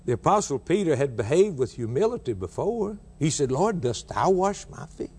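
Animated male preacher with folksy asides. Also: fairly quick, hardly any pauses, breathy edge, big-room sound. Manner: lively, rising to high emphatic peaks on quoted lines; folksy, with repeated words and asides. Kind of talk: sermon.

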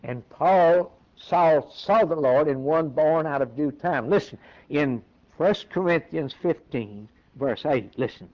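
A male preacher giving a sermon, animated, who breaks into a high emphatic voice for quoted lines and laughs between points. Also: slow pace. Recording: dull lo-fi recording.

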